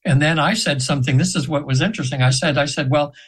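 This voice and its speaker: A man in his seventies with a voice pitched a little above the usual male range. He tells a story earnestly as a guest on a radio interview. He circles back on himself, restarts sentences and clears his throat often. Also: fast, fairly bright tone, low-quality recording. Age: 70s. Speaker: radio show guest, trance session practitioner.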